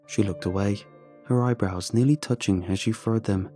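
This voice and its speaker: A man narrating a horror story in a measured, somber way. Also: sits low, fairly even intonation, warm tone, soft background music.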